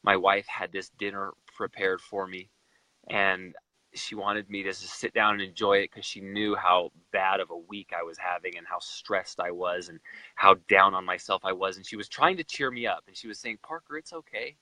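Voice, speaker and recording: A man's voice: low voice, steady tone, moderate pace, bright, forceful tone, no room sound, low-quality recording. A young man from Utah, a guest in a live chat, retelling a personal story with emotion and animation.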